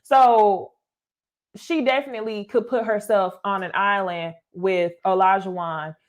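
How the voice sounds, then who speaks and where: A woman's voice: medium pitch, steady tone, a little slow. A young adult woman, giving a blunt, casual recap commentary, swearing and calling her viewers y'all. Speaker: reality TV commentator.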